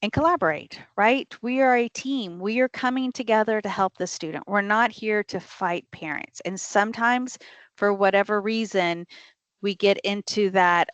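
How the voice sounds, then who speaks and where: A woman's voice: mid-range voice, normal speed, a bit bright, no room sound. A middle-aged woman leading a teacher training session, talking conversationally, reading out audience questions and often checking in with "right?". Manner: reads audience questions aloud and answers them.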